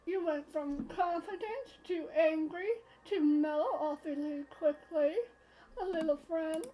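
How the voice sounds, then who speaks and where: Woman voicing a female God, teasing, bouncy, very high-pitched, mellow tone. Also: measured pace, poor audio. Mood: cheery. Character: brash upbeat female God, teasing and chatty. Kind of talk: reading a visual novel aloud on a live stream.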